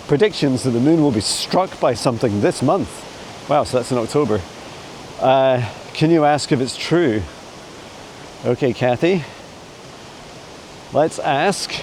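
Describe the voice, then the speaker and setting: Walking his dog through a forest, this mid-pitched man rambles casually into a handheld phone, answering viewers' questions as a psychic mentor. He meanders and laughs softly often. Faint water noise sits behind him, and the audio quality is poor.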